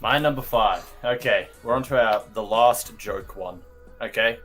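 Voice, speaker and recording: A man's voice: on the low side, unhurried, a bit bright, soft background music. A man co-hosting a casual podcast chat, teasing the others and playfully building suspense. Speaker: podcast co-host.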